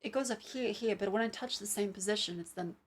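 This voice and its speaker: A woman's voice: medium pitch, quick pace, slightly rough. A young adult woman streamer chatting casually and rambling, with many fillers and some swearing, while testing tracking gear. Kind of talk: casual live-stream chat.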